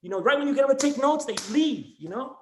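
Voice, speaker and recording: A man's voice: extremely high pitch, lively intonation, quick pace, reverberant, slight background noise. A man who teaches elementary school, speaking with raw emotion in a class discussion on a video call, rambling, restarting and peppering his talk with "man" and "dude".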